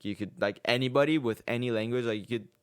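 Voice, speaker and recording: A young man co-hosting a podcast, talking in a relaxed, rambling way with many fillers. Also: mid-range voice, fast talker, smooth, no room sound, clean studio sound. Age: young adult. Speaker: podcast co-host. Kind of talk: casual chat.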